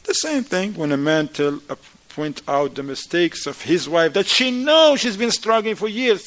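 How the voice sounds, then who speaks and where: Lively higher-voiced man preaching casually. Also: normal speed. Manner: conversational, acts out dialogue, swings loud and soft. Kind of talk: informal sermon.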